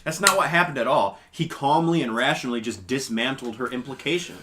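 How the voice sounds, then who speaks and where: Man, podcast host, casual chat, excitable, laughs a lot, swears, mid pitch. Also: brisk, background noise.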